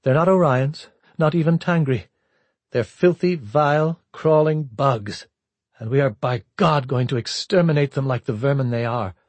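A man voicing a grim, determined woman admiral with a cold, flat delivery. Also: medium pitch, moderate pace, slightly rough, no echo. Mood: tense.

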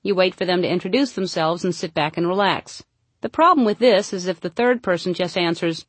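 A woman reading a humorous book aloud, mostly deadpan with sudden playful jumps into high emphasis. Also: a little fast, no room sound. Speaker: narrator. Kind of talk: comic audiobook narration.

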